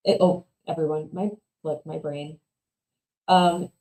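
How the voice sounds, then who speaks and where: Woman streamer, casual reaction chat, opinionated and giggly, mellow dark voice, roomy echo. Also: sits low, fairly even intonation, slow. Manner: chatty, opinionated, laughs often, trails off into mumbles. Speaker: streamer reading and reacting to online stories. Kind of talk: casual livestream commentary.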